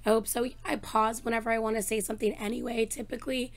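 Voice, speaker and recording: A woman hosting a reaction vlog, chatting excitedly with a hoarse voice she is losing, talking into a desk microphone with many fillers. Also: a little high, quick pace. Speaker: reaction channel host. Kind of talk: casual chat to camera.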